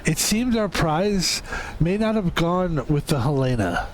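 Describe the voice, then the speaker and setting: A man's voice: a little high, sing-song, unhurried, rough recording. A dramatic pirate ship captain, as a man puts him on while reading game text. He tells the tale in a theatrical, storytelling way, with a slightly raised voice. Faint noise sits behind him. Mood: grim.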